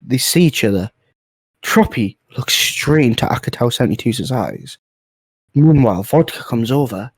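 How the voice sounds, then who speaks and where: Animated young man narrating goofy fan fiction. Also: medium pitch, normal speed, husky. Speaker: host. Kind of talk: comic storytelling on a voice call.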